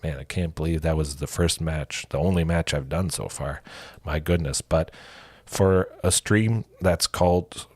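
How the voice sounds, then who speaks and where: A man streaming a card game, commenting casually and thinking aloud, with excited exclamations and a lingering cough. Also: very deep voice, measured pace, slightly rough, no echo, clean studio sound. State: coughing, with a cold.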